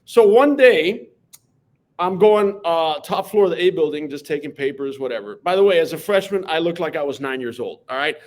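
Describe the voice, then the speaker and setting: A man, a math teacher telling school anecdotes as an interview guest in an animated, lively way. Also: fairly high pitch, normal speed. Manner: animated, lively storyteller who acts out voices.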